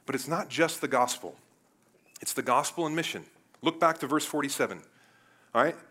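A man preaching a sermon as pastor, talking straight to the congregation and swinging from loud emphatic peaks down to low, quiet stretches. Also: normal speed. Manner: animated, rises to loud emphatic peaks then drops low; addresses congregation directly with "guys" and "right?".

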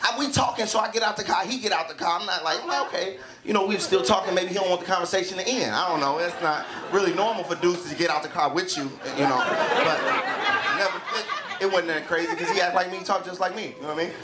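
A man performing a stand-up comedy set, telling an animated story and acting out both sides of a conversation. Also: sits high, fast. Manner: animated storytelling, acts out dialogue. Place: comedy club stage. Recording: live club set with loud crowd laughter. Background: audience laughing loudly.

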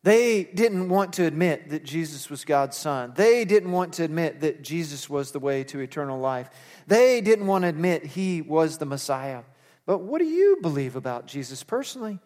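A man with a high voice preaches a sermon in a church, his words ringing with long hall reverb. He is earnest and emphatic, climbing to forceful peaks and then sinking low and quiet at the ends of phrases. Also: big pitch swings, normal speed. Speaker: pastor. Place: church sanctuary.

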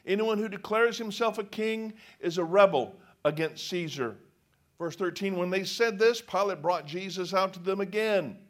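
A man's voice: high-pitched, moderate pace. A man preaching a sermon, reading scripture aloud and acting out the quoted speakers. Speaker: pastor.

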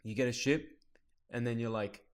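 A man's voice: mid-range voice, fairly even intonation, normal speed. A young man co-hosting a podcast in casual chat, rambling and restarting his sentences. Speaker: podcast co-host.

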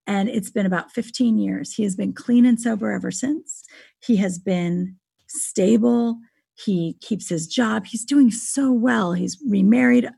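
A woman tells a personal story as a podcast guest, her voice husky and gravelly with a dry, close sound. She is animated and lifts her pitch sharply when she acts out what others said. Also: dry recording. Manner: animated, acts out quoted dialogue with pitch jumps. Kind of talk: casual storytelling in conversation.

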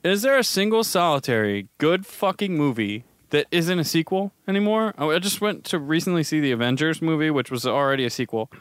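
A man co-hosts a podcast in easy, rambling chat, swearing freely and joking along the way. His voice is smooth and clear at a middle pitch. He sits close to the mic in a dry, dead room. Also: animated, a little fast, few pauses, dry recording. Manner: rambling, profane, jokey. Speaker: podcast co-host. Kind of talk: casual chat.

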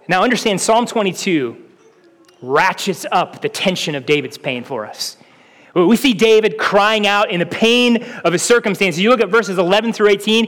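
A man delivers an earnest sermon from a church sanctuary, his voice pitched high and carried by a long hall reverb. He presses the room with repeated rhetorical questions and stumbles through quick restarts. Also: a bit bright. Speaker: pastor.

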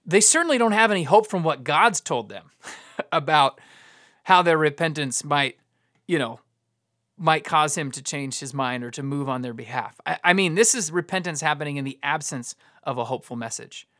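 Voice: mid-range voice, normal speed, a bit bright, no room sound, studio quality. A pastor preaching a conversational sermon in an informal way, often repeating and restarting words.

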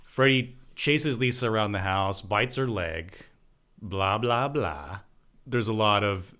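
A man's voice: lowish voice, a bit bright. A man co-hosting a casual movie-review podcast, recapping scenes in a laid-back way and laughing often. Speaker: podcast co-host.

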